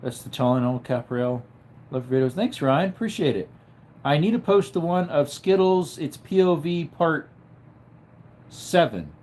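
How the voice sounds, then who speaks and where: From bed at home, a drowsy man with a headache chats on his livestream and reads viewer comments in a low-key manner that fades out. He speaks a little slowly, with a slightly mellow quality.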